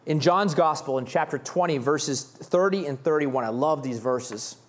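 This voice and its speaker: A man preaching a sermon as pastor, reading scripture and acting out the beggar's cries with animated delivery. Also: fairly high pitch, moderate pace.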